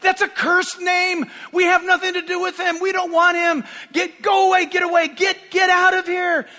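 A man acting out an angry, hostile male zealot who yells and repeats himself, with long hall reverb. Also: very high-pitched, level tone, normal speed, voice pushed up. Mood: furious shouting.

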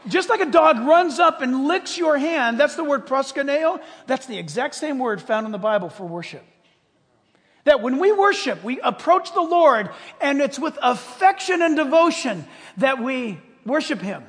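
A man preaching a sermon as a pastor, animated and conversational, acting out quoted prayers and joking with the congregation. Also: very high voice, normal speed, long reverb tail.

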